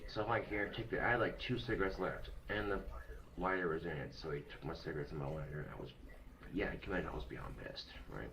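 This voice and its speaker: A young man bluntly retelling a story to camera, profane and animated. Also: low-pitched, fast talker, slight background noise, rough recording.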